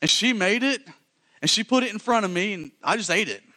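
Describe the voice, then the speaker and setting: A man's voice: high voice, lively intonation, brisk, sharp tone, pitched above the performer's own voice, full character voice, poor audio. Man putting on a sheepish excuse-making Adam. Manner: excuse-making, slightly raised voice.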